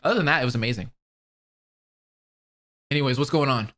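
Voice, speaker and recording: A man casually commenting on a video he is watching, excitable and chatty, often repeating himself. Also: mid-range voice, brisk. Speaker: reaction commentator.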